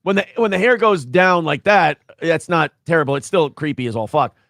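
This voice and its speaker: A man's voice: fairly high pitch, fairly quick, fairly bright tone, dry recording, clean studio sound. A man bantering crudely and joking on a casual stream.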